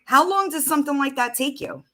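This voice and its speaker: Woman host, bright forceful voice, casual swearing livestream chat, talks while scrolling her phone. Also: sits high, lively intonation, fairly quick. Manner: chatty, swears, reads out messages while searching her phone.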